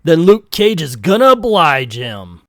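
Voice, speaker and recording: A man's voice: on the high side, big pitch swings, a little slow, fairly bright tone, dry recording, clean studio sound. A man doing a brash taunting street brawler.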